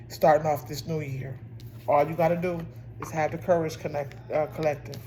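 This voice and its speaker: A tarot reader with a medium-pitched, slightly mellow voice gives a casual spoken reading against slight background noise. Speaking straight to listeners, they often repeat and restart phrases.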